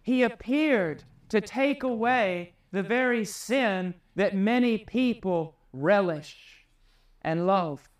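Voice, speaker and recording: A man preaching a sermon with passion, climbing high and loud to drive home his points. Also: expressive, takes it slowly, far from the mic. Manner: impassioned, rises high and loud for emphasis.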